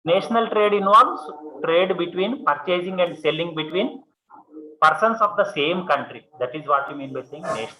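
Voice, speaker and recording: A man's voice: a little high, normal speed, bright, forceful tone. Indian man teaching commerce to a class. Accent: Indian English. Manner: repetitive, checks with "okay" and "see". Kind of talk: classroom lecture. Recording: muffled classroom recording with students.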